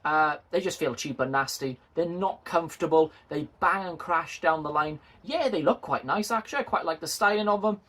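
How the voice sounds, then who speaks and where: A man's voice: a little high, moderate pace, few pauses, a bit bright. A man chatting casually and jokingly to his video viewers, self-deprecating and friendly. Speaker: model railway YouTuber.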